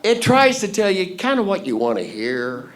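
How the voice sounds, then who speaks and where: Guy spinning tall tales on a theatre stage, voice jumps all over, kinda high. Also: big pitch swings, normal speed. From Fort Worth, Texas. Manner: folksy, playful, leads audience call-and-response. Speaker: storyteller host. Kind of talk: live stage storytelling. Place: theatre stage before a live audience.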